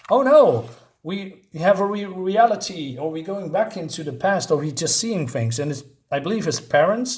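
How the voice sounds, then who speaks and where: A man giving a blunt, sarcastic, casual spoken review of a comic book, swearing now and then. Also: a little high.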